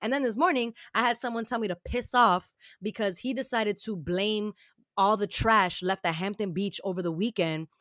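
Woman, blunt, profane, animated storyteller, casual podcast chat, dry sound. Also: medium pitch, normal speed, no echo. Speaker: co-host.

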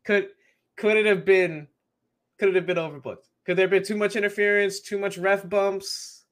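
A man's voice: high voice, steady tone, moderate pace, fairly bright tone. A man co-hosting a podcast in casual chat, teasing and stammering, repeating himself as he poses questions. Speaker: podcast co-host. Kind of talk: casual wrestling recap chat.

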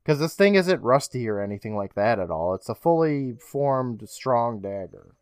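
A man's voice: medium pitch, very animated, moderate pace, a little mellow, clean tone, no room sound. Young guy retelling a tv episode, swears a lot, wry, dry close mic. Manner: profane, wry storytelling. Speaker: podcast co-host. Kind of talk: casual episode recap.

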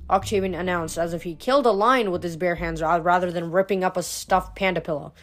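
A woman's voice: medium pitch, brisk, soft background music. A woman reading a novel aloud, unpolished, with frequent slips and restarted words. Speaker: audiobook reader.

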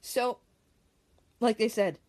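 A woman's voice: on the high side, takes it slowly, darkish tone. A woman hosting a solo podcast, ranting in a heated, profane way and repeating her points for emphasis while she reads an article aloud and comments on it. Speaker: podcast host.

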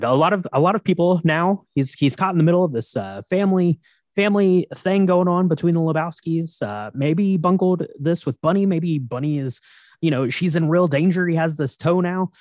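A man recaps a film in a relaxed, halting manner, full of ums and uhs. His voice sits a little high for a man, and the sound is dry and close. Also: no echo. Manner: relaxed, halting, with many fillers. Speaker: podcast co-host.

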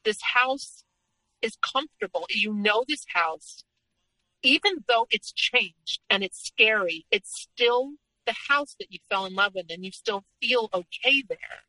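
A young adult woman recounts her own story as a podcast guest, earnest and steady, often in the present tense. Her voice is bright and forceful. The recording is close and dry, with no room sound. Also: mid-range voice, measured pace, no room sound, poor audio. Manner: earnest, retelling past events in present tense. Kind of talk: personal story told in conversation.

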